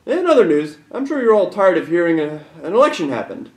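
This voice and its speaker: A young man bickers sardonically through comedy news lines. His voice is slightly high and swings up and down a lot, and the room echoes around him. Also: big pitch swings, fairly quick. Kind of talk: sketch comedy news banter.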